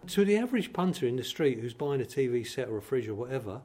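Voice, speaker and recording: A man's voice: mid-range voice, sing-song, quick pace, dark tone. An older man from East London, an advertising executive, telling stories in an interview in a blunt, punchy way. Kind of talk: interview storytelling.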